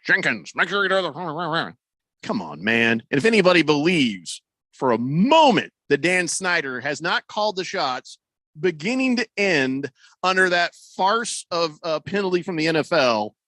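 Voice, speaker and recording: A man's voice: fairly high pitch, very animated, moderate pace, a bit bright, dry recording. A man hosting a sports talk radio show, chatting casually and animatedly, tossing in mocking impressions.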